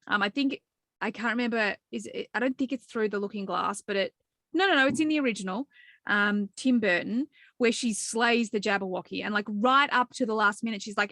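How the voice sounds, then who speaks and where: A woman's voice: medium pitch, fairly quick, sharp tone, no echo, clean studio sound. A woman hosting a spiritual podcast, talking with eager enthusiasm and casual swearing. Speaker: podcast host. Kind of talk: excited spiritual podcast chat.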